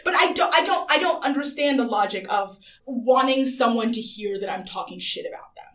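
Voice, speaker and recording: Young female podcast co-host, casual, slightly higher voice, quick laughs, lots of "like". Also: expressive, fairly bright tone, distant mic. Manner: chatty, laughs often, fillers like "like". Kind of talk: casual chat recapping a TV show.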